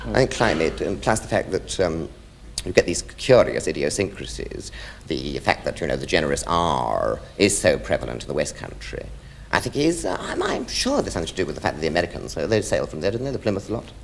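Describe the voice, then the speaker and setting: Flamboyant English man, fast and lively. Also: sits low, creaky, slight background noise. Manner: theatrical, mimics accents with flamboyant relish. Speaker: talk show guest. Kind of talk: chat show anecdote.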